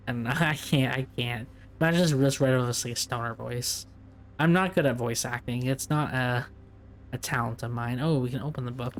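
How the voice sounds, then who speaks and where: A let's-play gamer chats casually while playing a story game, reading in-game documents aloud. His medium-pitched voice moves a little fast with fairly even intonation, and he often chuckles and trips over tricky words.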